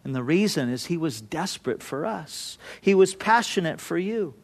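A man's voice: high voice, expressive, unhurried. A man preaching an earnest, impassioned sermon, building through repeated phrases. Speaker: pastor.

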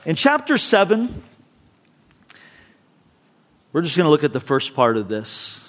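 A man preaching a sermon, earnest and swinging from soft, close asides to emphatic, raised passages as he quotes scripture. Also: on the high side, wildly swooping pitch, measured pace. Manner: earnest, rising to emphatic, quoting scripture aloud. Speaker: pastor.

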